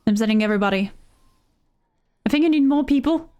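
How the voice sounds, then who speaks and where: A woman's voice: on the high side, expressive, fairly quick, darkish tone, clean tone, muffled recording. A woman streamer talking to herself through a game, repeating words and getting frantic under pressure. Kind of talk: live gameplay commentary.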